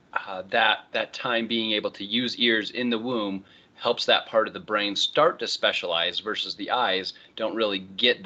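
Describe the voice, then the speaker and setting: A man lectures his class in a loose, conversational way, stringing topics together with easy transitions. His voice is somewhat low yet bright and forceful. It comes through a computer microphone with dull, lo-fi sound. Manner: relaxed, conversational, frequent "all right, so" transitions. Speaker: college instructor. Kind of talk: online lecture.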